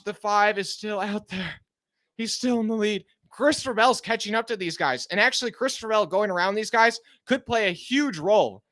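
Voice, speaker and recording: Live-streaming a car race in studio quality with no echo, a man with a very high voice gives excited, anxious play-by-play as a fan. He sounds out of breath and pleads with the drivers.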